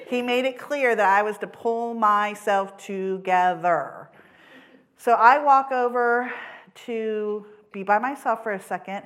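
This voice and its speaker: A woman's voice: medium pitch, fairly bright tone. A woman giving an earnest personal testimony in a church service, telling stories with many ums and self-corrections. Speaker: church mission supporter.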